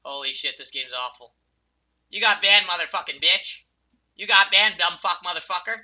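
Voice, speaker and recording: Profane, furious young male gamer, piercingly bright. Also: high-pitched, normal speed. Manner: furious, profane, yelling insults at other players. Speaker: game streamer. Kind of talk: ranting gameplay commentary and personal storytelling.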